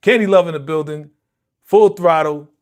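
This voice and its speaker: A man hosting a live movie reaction stream, talking in a slangy, animated way and exclaiming his disapproval, often repeating himself and speaking straight to his viewers. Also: on the high side, moderate pace. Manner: slangy, addresses viewers directly. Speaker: reaction channel host.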